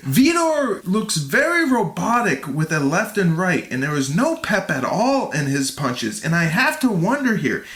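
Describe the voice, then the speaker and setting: For a podcast review, a man with a high, sing-song, slightly bright voice narrates a fight play-by-play, unhurried and with few pauses. He jokes and laughs along the way, and the sound is reverberant.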